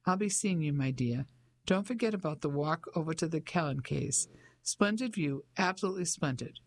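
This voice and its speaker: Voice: medium pitch, expressive, moderate pace. An audiobook narrator voicing a pompous English colonel, a widower, in old-fashioned blustering talk.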